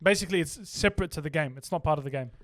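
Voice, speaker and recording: An excitable young man co-hosts a casual podcast, his voice sitting fairly high. He keeps dropping "bro" and "literally" as he explains things. The sound is close and dry. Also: racing, no room sound. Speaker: podcast co-host.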